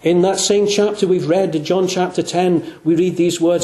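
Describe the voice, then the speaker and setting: A man preaching a sermon, earnest and emphatic. He slows right down and drops low on the words he wants to stress. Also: a little mellow. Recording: roomy echoing hall.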